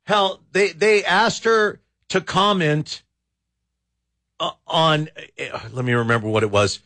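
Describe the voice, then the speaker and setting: A man's voice: fairly high pitch, slow, pushed and bright. A man hosting a talk radio show, rambling and exasperated, with many false starts. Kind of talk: casual talk radio commentary.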